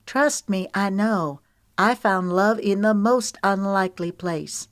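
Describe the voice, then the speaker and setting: A woman voicing a hopeful young woman trying gently to persuade her brother and friend. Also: medium pitch, slow pace, no echo, studio quality, voice pushed up, lightly acted. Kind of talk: audiobook character reading.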